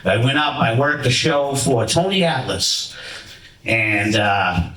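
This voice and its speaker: A man giving a rambling, animated storytelling speech at a ceremony in a lodge hall. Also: medium pitch, slow pace. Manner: rambling, animated, many restarts. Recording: roomy hall from far off.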